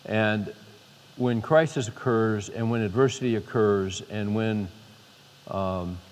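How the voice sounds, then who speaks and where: A man's voice: fairly low pitch, slow pace. A man giving an unscripted sermon from a podium, with many restarts, building to emphatic peaks. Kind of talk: informal sermon. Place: large hall with a podium. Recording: long hall reverb.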